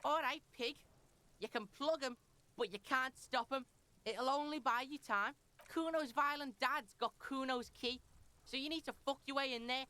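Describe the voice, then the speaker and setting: A woman's voice: high voice, moderate pace, sharp tone, smooth. A woman voicing a foul-mouthed, brash young boy with a Liverpool accent in a video game, who talks about himself in the third person.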